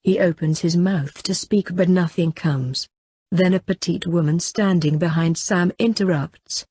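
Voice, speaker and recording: A woman narrating an audiobook in a steady first-person reading. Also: on the low side, a little slow, husky. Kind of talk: scripted narration.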